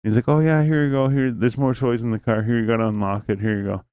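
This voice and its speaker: A man's voice: medium pitch, fairly even intonation, fast, a little mellow, clean tone, dry recording. A man hosting a podcast, telling a long story in casual chat, swearing freely and piling on fillers. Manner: swears a lot, rambling storytelling with many fillers. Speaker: podcast host.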